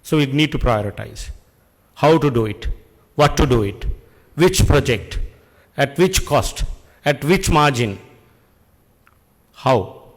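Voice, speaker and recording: A man's voice: medium pitch, expressive. Earnest Sri man in a reverberant hall. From Sri Lanka. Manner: earnest, deliberate, rhetorical questions. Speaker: public speaker addressing an industry function. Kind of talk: speech at an event. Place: function hall.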